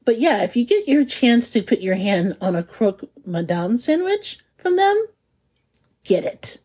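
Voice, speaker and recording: A woman's voice: on the high side, big pitch swings, a little slow, a little mellow, slightly rough. A woman hosting a food podcast, chatting casually and enthusiastically, laughing often as she savors her descriptions. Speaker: podcast host.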